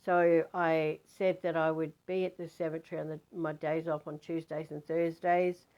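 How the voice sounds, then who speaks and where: A woman's voice: low-pitched, flat delivery, normal speed, a little mellow. A woman telling a spiritual story in a chatty, rambling way, with many fillers and restarts.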